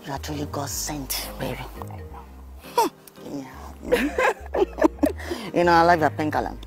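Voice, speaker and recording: A man playing a jobless young boyfriend who talks softly and stammers as he pleads. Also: fairly high pitch, very animated, normal speed, faint music behind. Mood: delighted. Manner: soft, pleading, hesitant with stammers. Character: jobless young boyfriend, apologetic and sweet-talking.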